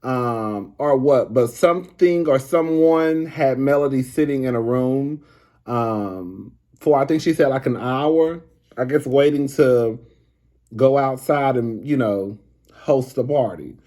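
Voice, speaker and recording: A man casually recapping a reality show episode, gossipy and animated, often breaking into laughter. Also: mid-range voice, slow.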